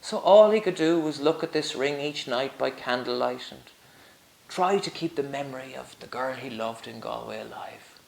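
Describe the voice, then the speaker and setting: A man's voice: medium pitch, moderate pace, creaky. A man, a teacher telling a story to children in a playful way and asking them questions. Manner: animated, playful, asks the listeners questions. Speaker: primary school teacher, storyteller.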